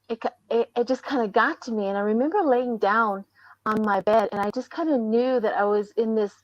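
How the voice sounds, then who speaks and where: An older American woman hosting a casual live stream, telling lively stories and acting out the voices she heard. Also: on the high side, no echo, dull audio. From United States. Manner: animated storyteller, acts out voices. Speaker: tarot reader host.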